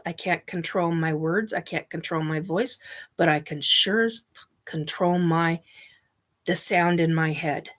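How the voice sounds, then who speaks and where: A woman's voice: lowish voice, a bit bright. A woman host telling a personal story bluntly, with frequent restarts and casual swearing.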